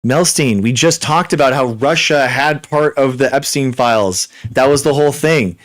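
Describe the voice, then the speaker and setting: Host, male, young adult; quick, repetitive live-chat delivery, mid pitch, dry close mic. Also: no room sound. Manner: rapid, repetitive, exasperated with restarts. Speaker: livestream host. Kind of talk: live Q and A chat reading viewer comments.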